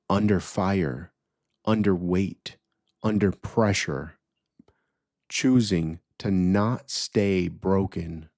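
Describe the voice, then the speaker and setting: A man hosting a podcast, leading listeners through a guided affirmation ritual with slow, emphatic repetition. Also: low voice, gravelly, darkish tone, no room sound, clean studio sound. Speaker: podcast host.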